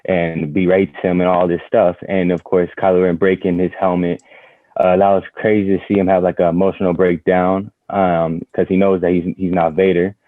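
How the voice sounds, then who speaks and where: Deep flat man over a tinny line. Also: normal speed, dry recording. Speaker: podcast panelist. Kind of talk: casual podcast discussion. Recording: tinny phone-like call line.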